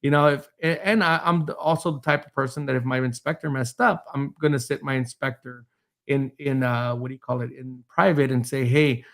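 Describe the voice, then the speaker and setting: A man's voice: mid-range voice, fairly even intonation, a little fast, a bit bright. Rambling man in a panel talk. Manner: rambling, many restarts, laughing. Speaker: host, building official. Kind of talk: panel discussion.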